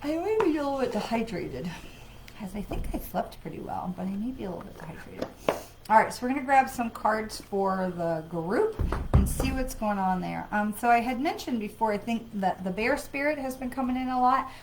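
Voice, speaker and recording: A woman's voice: a little high, lively intonation, normal speed, noisy background. A woman, a psychic medium, hosting a live card reading in a chatty way, with sighs and filler words. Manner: conversational, with frequent fillers and sighs; greets viewers by name.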